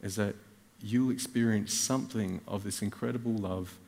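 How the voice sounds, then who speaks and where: A man with an Australian accent delivers a storytelling sermon, his voice sitting a bit low. He moves between earnest reflection and wry jokes at his own expense. A long reverb from a church hall trails every phrase. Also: moderate pace, creaky. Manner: animated storytelling with wry self-mocking asides. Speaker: guest preacher.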